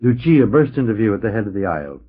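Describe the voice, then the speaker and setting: A man reading a science fiction story aloud in an expressive narrating voice, taken from an old, dull-sounding record transfer. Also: on the low side, quick pace, husky. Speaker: audiobook narrator. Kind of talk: scripted narration.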